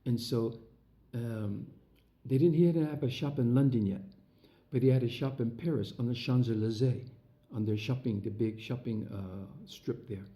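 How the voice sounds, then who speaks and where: A man telling a personal story in casual talk, acting out the voices of others as he goes and filling pauses with lots of uhs. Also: mid-range voice. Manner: animated storyteller, acts out quoted voices; frequent fillers and restarts. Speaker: entertainer recounting his past. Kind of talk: casual spoken anecdote.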